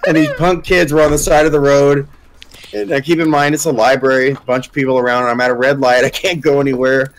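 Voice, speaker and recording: A man's voice: mid-range voice, quick pace. A man from California co-hosting a podcast, telling crude stories in casual banter. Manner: lively, crude storytelling with sudden loud bursts. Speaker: podcast co-host.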